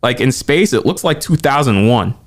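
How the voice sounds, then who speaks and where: Excitable man gushing about a movie. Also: medium pitch, normal speed. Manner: excited, animated retelling with quoted asides. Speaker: podcast co-host. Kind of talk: casual movie chat.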